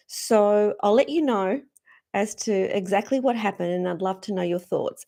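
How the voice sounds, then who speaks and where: A woman, a spiritual speaker, earnestly recounting a personal story in a gentle, reflective way. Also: medium pitch. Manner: earnest, gentle, acts out quoted dialogue.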